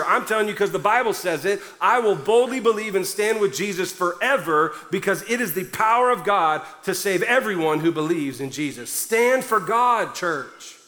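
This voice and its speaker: Male pastor, fervent sermon, high bright voice, long hall echo. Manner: preaching loudly with fervent emphasis. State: somewhat out of breath. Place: large church hall before a congregation.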